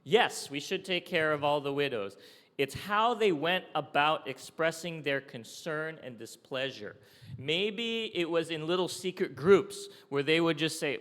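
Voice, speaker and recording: A man's voice: a little high, lively intonation, a little slow, fairly bright tone. A man preaching a sermon in a conversational way, often checking in with his listeners with "okay?" and "right?". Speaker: pastor. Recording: long hall reverb.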